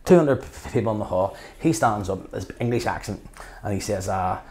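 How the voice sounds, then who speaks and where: A man's voice: fairly low pitch, fairly quick. A man in his fifties with a Belfast accent, a guest in an interview telling his stories with passion and acting out what people said. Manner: passionate, animated storyteller who acts out quotes. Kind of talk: conversational interview.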